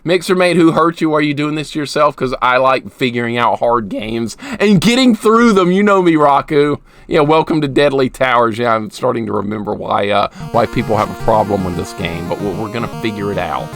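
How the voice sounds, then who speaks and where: A man streaming a retro game live, commentating and greeting viewers, often frustrated and yelling at the game. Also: medium pitch, brisk, vocal fry, few pauses, faint music behind.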